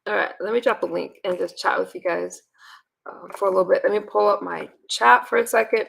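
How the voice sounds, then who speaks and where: A woman in her thirties, hoarse and raspy, chatting casually with her livestream viewers and rambling with sighs and fillers. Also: mid-range voice, steady tone, brisk, fairly bright tone. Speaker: livestream host.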